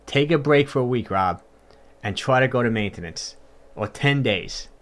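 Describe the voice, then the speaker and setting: A man's voice: medium pitch, expressive, moderate pace. A man, a fitness coach, talking casually on a livestream and answering viewer comments in a chatty, upbeat way with lots of fillers and repeats.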